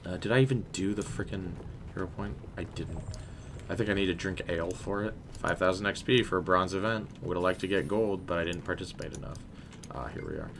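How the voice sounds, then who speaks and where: A man with a low, deep voice gives loose, rambling commentary while he plays. He talks straight to his viewers and answers their messages. The audio has clear background noise and game sounds. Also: brisk. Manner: chatty and rambling, talking to chat. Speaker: game streamer. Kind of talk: casual live gameplay commentary.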